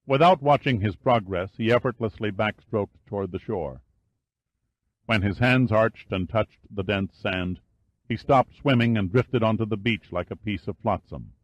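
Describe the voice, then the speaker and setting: A man narrating an audiobook in a measured, steady reading style. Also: on the low side, dry recording, dull audio. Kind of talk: scripted narration.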